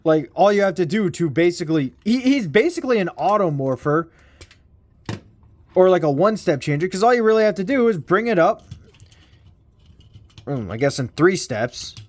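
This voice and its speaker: A man's voice: high voice, big pitch swings, moderate pace, long pauses. A man giving a casual toy review, rambling and self-deprecating, with casual swearing.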